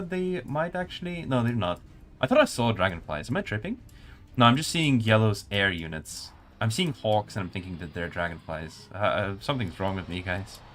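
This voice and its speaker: A man with a medium-pitched, slightly bright voice works as a community manager, keeping things casual on a live stream. He comments on a match as he spectates it and responds to viewers in chat.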